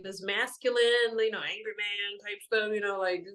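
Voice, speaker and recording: A woman's voice: medium pitch, fairly even intonation, normal speed, a bit bright. A young woman and mother, a meditation teacher talking loosely and emotionally through a spiritual card message, full of fillers. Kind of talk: casual spiritual talk.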